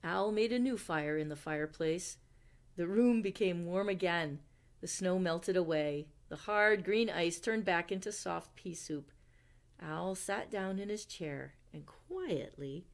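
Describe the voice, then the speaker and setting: A woman librarian reading a children's book aloud at storytime. She reads slowly and gently, her voice rising and falling with a lively, singsong range. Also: on the low side, vocal fry. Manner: gentle, expressive read-aloud with questions to listeners.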